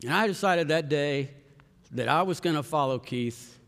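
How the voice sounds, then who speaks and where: A man's voice: fairly high pitch, normal speed. Man preaching in a reverberant hall. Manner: storytelling, with sudden rises and hushed quiet passages. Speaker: pastor. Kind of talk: sermon.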